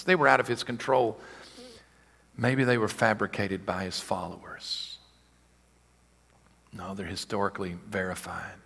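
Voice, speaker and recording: A male pastor delivers a sermon in a low, forceful, bright-edged voice. He builds to loud, emphatic peaks and drops into hushed, wry asides. The sound carries the long reverb of a large hall. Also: steady tone, a little slow, gravelly, long pauses, slightly rough. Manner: preaching with sudden swells and quiet asides.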